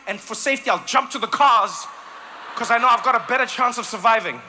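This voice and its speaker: A man from Africa, doing animated live stand-up comedy and storytelling. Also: very high voice, slight background noise. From South Africa. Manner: animated storytelling, acts out voices.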